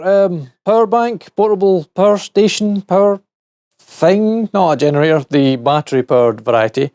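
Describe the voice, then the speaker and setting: A man's voice: high-pitched, animated, a little slow, a little mellow, no room sound, studio quality. A man reviewing tech in a casual teardown vlog, rambling and correcting himself with wry asides. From United Kingdom.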